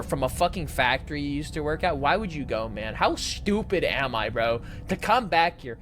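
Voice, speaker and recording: A man's voice: a little high, big pitch swings, moderate pace, faint music behind. A man giving let's play commentary in a sarcastic, exasperated way, swearing often. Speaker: gaming video creator.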